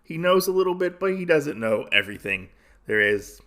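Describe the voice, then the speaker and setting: A man hosting a podcast, casually retelling a comic story in a rambling, animated way. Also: a little high, moderate pace. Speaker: podcast host.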